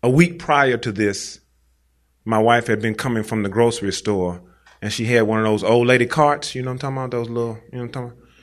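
A man's voice: mid-range voice, fast. Slangy man telling a story on stage. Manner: casual slangy conversational telling, talks straight to the audience. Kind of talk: live personal storytelling on stage.

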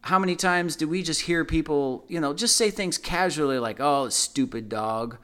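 A man's voice: on the high side, fairly quick, sharp tone, clear, resonant tone. Earnest man teaching scripture in conversation. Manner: earnest, repeats phrases, acts out everyday quotes. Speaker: Bible study co-host.

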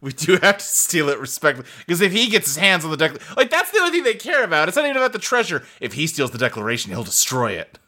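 A man's voice: fairly high pitch, wildly swooping pitch, racing, few pauses, pushed and bright. A man co-hosting a podcast, riffing sarcastically on a movie in casual chat and swearing freely. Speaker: podcast co-host.

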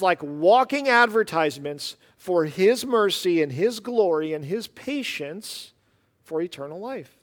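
A man preaching a sermon, animated and conversational, with casual asides. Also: fairly high pitch, normal speed, long reverb tail. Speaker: pastor.

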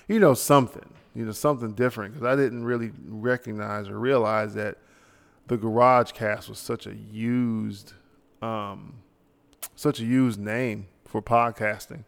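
Man, podcast host, gravelly, smooth resonant voice, long hall echo, tired late-night rant. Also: mid-range voice, normal speed. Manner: casual, ranting, tossing in mock voices.

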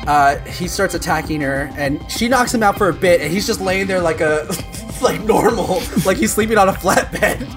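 A woman's voice: fairly low pitch, normal speed, hardly any pauses, over music. A woman co-hosting a podcast, retelling a movie plot in a rambling way, acting out the lines and laughing often. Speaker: podcast co-host. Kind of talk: casual movie recap chat.

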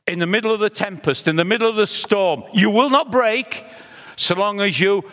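A middle-aged man preaching a sermon with impassioned, emphatic runs that climb in pitch. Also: moderate pace, a bit bright, in a large hall.

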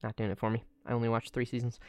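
Low-voiced woman, crude casual chat. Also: level tone, dark tone, dry recording. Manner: crude, joking, quick asides. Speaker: podcast co-host.

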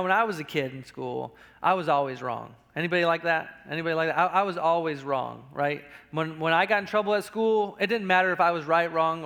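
High-voiced pastor preaching conversationally. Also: male voice, fairly bright tone. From United States. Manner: conversational preaching with many repeated words and asides. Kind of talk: sermon.

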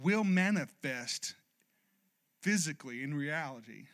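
A man's voice: a little high, expressive, unhurried. A man preaching a sermon as pastor, emphatic and passionate, calling for "amen" from his congregation. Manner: builds to loud, passionate exhortation.

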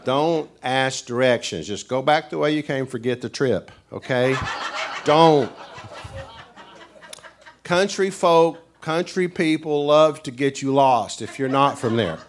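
A man's voice: mid-range voice, lively intonation, takes it slowly, slight background noise. Male pastor, East Tennessee mountain accent, folksy joking sermon delivery, mid-range voice. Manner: folksy, joking, chuckling storyteller. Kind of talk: humorous sermon to a congregation.

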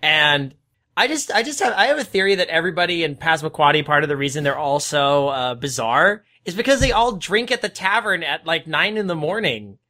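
A man co-hosting a casual podcast about an old film, rambling and animated, with many restarts. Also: on the high side, fairly quick. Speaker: podcast co-host.

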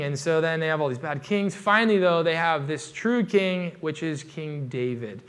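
Guy giving a sermon, kinda high voice, chatty, lots of "like" and restarts. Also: normal speed. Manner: casual and animated, many "like" fillers and restarts.

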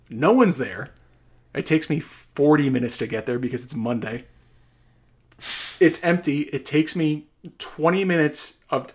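Casting note: young guy, mid-pitched, rambling storyteller, gets exasperated. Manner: rambling, exasperated anecdote with quoted dialogue. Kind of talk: casual storytelling.

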